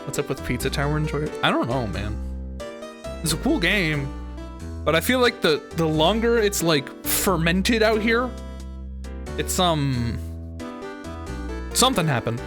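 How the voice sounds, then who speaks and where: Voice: measured pace, pauses often. A streamer chatting casually and rambling while playing a video game, with frequent restarts. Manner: rambling, animated, jumps into squeaky impressions. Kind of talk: casual gameplay commentary. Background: video game music.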